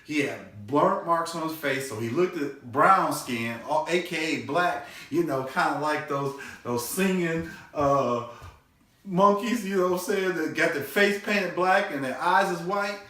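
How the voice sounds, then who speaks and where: Man telling stories in an echoey room. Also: unhurried. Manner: animated, shouts his dad's cussing in a high voice. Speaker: comedian. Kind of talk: storytelling stand-up. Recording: echoey room, distant mic.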